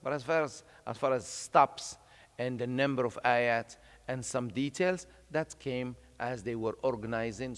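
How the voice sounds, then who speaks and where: A man delivers a religious lecture in a relaxed, explanatory tone, often pausing on fillers. His middle-pitched voice rings with the long reverb of a large hall. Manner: conversational, explanatory, with frequent "uh" and "you know".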